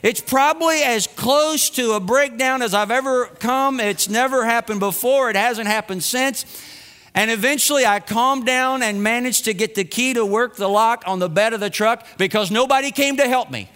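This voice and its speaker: A man's voice: extremely high pitch, normal speed, sharp tone, smooth. A middle-aged man telling a self-mocking, humorous personal story to an audience. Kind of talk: personal anecdote told to an audience. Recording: long reverb.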